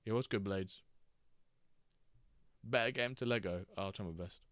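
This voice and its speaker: A man's voice: lowish voice, normal speed, fairly bright tone, no echo, clean studio sound. Chatty man hosting a live stream. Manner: chatty and jokey, reacting to chat and games as he goes. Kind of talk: casual live-stream chat.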